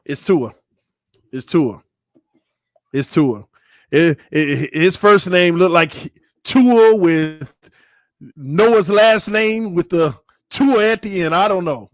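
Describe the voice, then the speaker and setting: A man's voice: high-pitched, slow, long pauses, no echo, clean studio sound. A man hosting a casual live-stream, reading viewer comments aloud, laughing and joking as he stumbles over names. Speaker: channel host.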